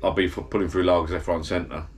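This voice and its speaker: A deep-voiced man speaks fast in a level tone, vlogging from his garden bar in the backyard. His rambling monologue to camera strings together pub stories, chatty and blokey, with self-corrections along the way.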